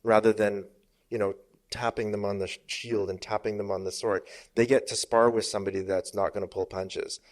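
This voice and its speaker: A man's voice: on the low side, level tone, a little fast. A middle-aged man from Canada, a business coach talking emphatically as a guest in a podcast studio interview. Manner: emphatic, uses sparring metaphors, asks "make sense?".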